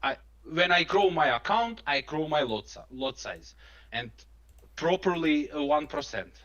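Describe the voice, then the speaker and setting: A man talks slowly in halting, broken English, pausing often between phrases. His voice has a bright, tense edge. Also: fairly high pitch, poor audio. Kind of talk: casual live stream chat.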